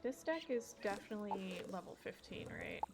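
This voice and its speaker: A woman's voice: medium pitch, expressive, moderate pace, noisy background. A young woman streamer chatting casually while she plays, rambling, swearing freely and laughing often. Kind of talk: casual gaming stream chat. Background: background music.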